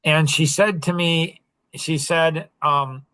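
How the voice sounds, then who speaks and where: A man's voice: a little high, fairly even intonation, slow, sharp tone, clear, resonant tone. Rambling middle-aged man telling a story. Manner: rambling, repeats words, many fillers. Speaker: podcast guest storyteller. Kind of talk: animated personal storytelling.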